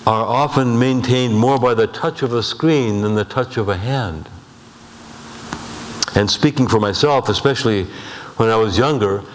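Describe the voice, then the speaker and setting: A male pastor preaching a sermon, measured, slowing down for emphasis and asking rhetorical questions. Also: mid-range voice. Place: church sanctuary. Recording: long hall reverb.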